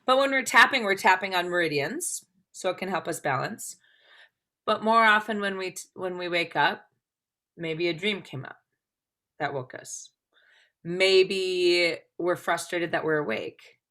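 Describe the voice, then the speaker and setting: A woman's voice: on the low side, measured pace, bright, forceful tone. A woman teaching a live tapping class, explaining things conversationally and often checking in with "right?".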